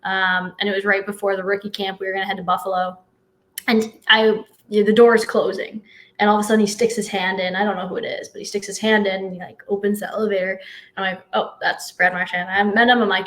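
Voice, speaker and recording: Bright, bubbly woman from Vermont. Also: medium pitch, fast, rough recording. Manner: bubbly, animated storyteller. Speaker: hockey team general manager. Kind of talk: casual interview chat.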